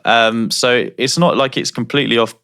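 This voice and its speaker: A man's voice: mid-range voice, fairly even intonation, moderate pace, a bit bright. A man co-hosting a podcast, chatting thoughtfully and asking questions. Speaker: podcast co-host. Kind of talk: casual podcast chat.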